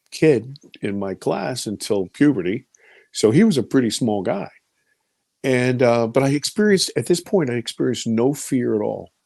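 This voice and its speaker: Man in his 50s, interview storyteller, gravelly, dry close sound, vivid and repetitive. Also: medium pitch, darkish tone, no echo. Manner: vivid storyteller who repeats words when caught up in the story. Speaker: interviewee recounting an encounter. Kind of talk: personal storytelling testimony.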